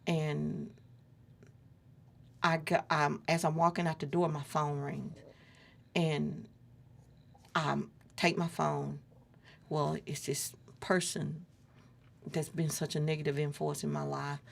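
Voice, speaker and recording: Gravelly-voiced woman telling her story. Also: deep voice, slow, pauses often. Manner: earnest, lively retelling with quoted dialogue. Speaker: interview guest. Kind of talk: casual personal storytelling.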